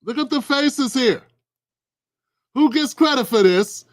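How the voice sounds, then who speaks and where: A man's voice: very high-pitched, animated, measured pace. A man hosting a political commentary livestream, casual and sarcastic, talking straight to his viewers. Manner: sarcastic, colloquial, talks to viewers.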